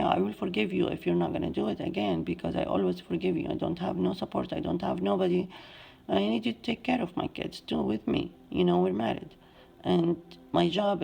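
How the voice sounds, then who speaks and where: A woman in her forties with an Arabic accent, a native Arabic speaker, telling her own story in plain, halting English. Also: fairly low pitch, creaky, warm tone. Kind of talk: personal testimony.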